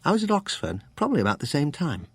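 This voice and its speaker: Male narrator doing a smooth English art dealer in his forties; curious, clipped, pitched up from the reader's baritone. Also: huge pitch swings, fast talker, no echo, full character voice.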